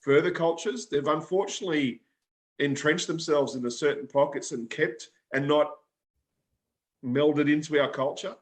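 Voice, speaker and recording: A man's voice: a little high, fairly even intonation, moderate pace. Reflective Australian man telling a story. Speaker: podcast co-host. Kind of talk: casual chat.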